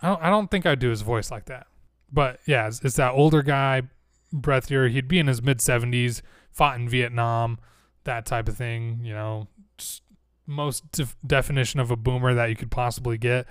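A man's voice: medium pitch, moderate pace, clean tone, dry recording. A man in casual chat, musing aloud in a rambling way that often breaks off mid-thought, with a dry mouth and a slightly congested nose. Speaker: streamer planning role-play characters.

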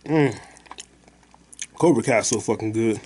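A man's voice: on the low side, a little slow, darkish tone, slight background noise. Profane rambling male podcast host. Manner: profane, rambling, slangy storytelling. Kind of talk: casual podcast chat.

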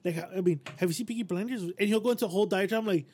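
A man with a fairly high voice hosts a podcast, talking quickly in casual, excitable banter that is full of profanity. His delivery stays loose and energetic. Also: noisy background. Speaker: podcast host. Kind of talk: casual chat.

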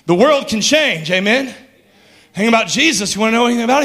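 A male pastor preaching a sermon with passion, building to shouts and calling out to his congregation. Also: very high voice, lively intonation, quick pace.

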